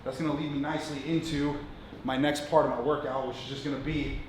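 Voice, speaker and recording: A man's voice: a little high, steady tone, fast, a little hiss or hum. A man in his thirties, a strength coach, talking bluntly with lots of swearing as he explains his lifts in a gym. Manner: blunt, profane, coaching instructions between lifts. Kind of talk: gym workout vlog talk. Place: gym, indoors. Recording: echoey gym with faint ambience.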